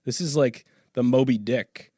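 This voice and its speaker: A man's voice: mid-range voice, a little slow, dark tone, no echo, clean studio sound. A man hosting a podcast in a casual chat, joking, swearing and laughing often. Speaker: podcast host. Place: small home podcast studio.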